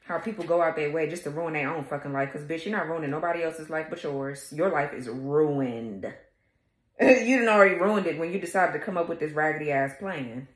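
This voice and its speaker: Female tarot reader, blunt and cussing, lowish voice, roomy echo. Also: fast talker. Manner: blunt, profane, sassy; talks straight to viewers, laughing at times. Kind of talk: casual tarot reading to viewers.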